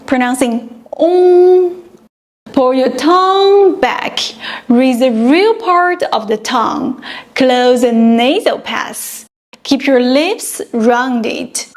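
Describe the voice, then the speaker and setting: Teacher: a high, unhurried woman who reads a scripted beginner lesson and models each sound carefully. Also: lively intonation. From China. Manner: slow, careful modeling of pronunciation. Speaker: Mandarin teacher.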